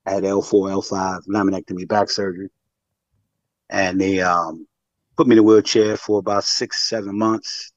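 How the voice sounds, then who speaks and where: Halting soft-voiced man on a muffled call line. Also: deep voice, flat delivery, no echo. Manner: halting, many fillers, addresses listener as beloved. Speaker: caller. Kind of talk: call-in sharing testimony and advice.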